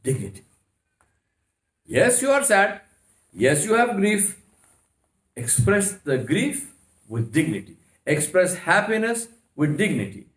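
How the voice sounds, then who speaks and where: A man's voice: sits high, big pitch swings, slow pace, long pauses, fairly bright tone. A man giving a religious lecture in a mosque, emphatic and full of rhetorical questions and repeated no's. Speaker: Islamic lecturer. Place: mosque hall. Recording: echoey mosque hall.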